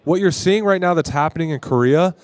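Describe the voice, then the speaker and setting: A man with a slightly higher voice speaks with firm emphasis and quick agreement, pressing his points with conviction. The recording is dry and close-miked. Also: a little mellow, dry recording. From Arizona, US. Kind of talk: casual conversation. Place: convention floor.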